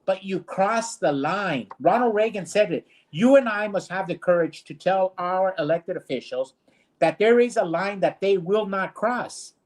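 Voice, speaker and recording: A man's voice: high-pitched, lively intonation, unhurried. A man co-hosting a streamed talk show, ranting bluntly and indignantly in casual discussion. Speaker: co-host.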